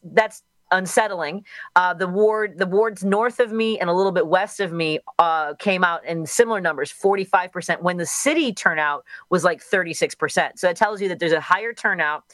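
A woman's voice: on the low side, a bit bright, no room sound. A middle-aged woman from Chicago, a radio host speaking as a guest in a radio interview, candid and thinking aloud with restarts.

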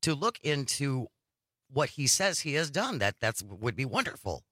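Male talk radio co-host, animated delivery, crisp bright tone, dry studio. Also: mid-range voice, moderate pace, no echo. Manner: lively, exclaiming agreement. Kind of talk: radio talk, reading news items and listener texts.

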